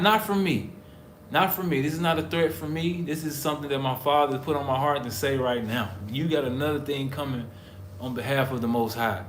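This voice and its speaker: A man from the United States talking casually to camera, emphatic and preacherly, repeating his points. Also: a little high. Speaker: vlogger, husband in couple channel. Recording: roomy echo, faint background noise.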